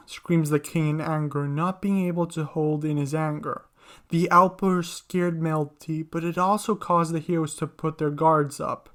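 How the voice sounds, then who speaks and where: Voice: mid-range voice, level tone, unhurried, fairly bright tone. Narrator reading a fan story. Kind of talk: fan fiction story reading, all voices.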